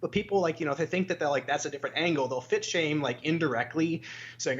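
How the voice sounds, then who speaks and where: A man's voice: on the high side, fast, husky, muffled recording. A man co-hosting a casual podcast, ranting with a lot of profanity and acting out the voices of people he quotes. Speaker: podcast co-host.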